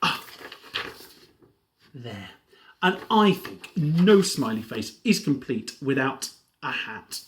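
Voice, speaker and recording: A man leading a home drama workshop, talking in a lively, playful way and slipping into mock TV-presenter and character voices. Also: medium pitch, takes it slowly, pauses often, a little hiss or hum.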